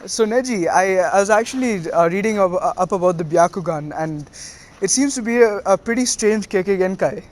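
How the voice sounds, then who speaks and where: A smug teenage boy ninja who mocks his rival in a light, high, offhand voice, as a man narrating puts him on. The taunts come out casual, barely acted, in the storyteller's own tone. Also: brisk, lightly acted. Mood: teasing. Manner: teasing, offhand.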